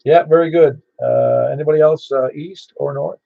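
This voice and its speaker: Gravelly man on a lo-fi radio net. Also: a little high, normal speed, no room sound. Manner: easygoing, rambling, with fillers. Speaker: net control of a ham radio net. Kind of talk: casual radio chat. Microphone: radio transceiver mic. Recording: dull dry lo-fi radio audio.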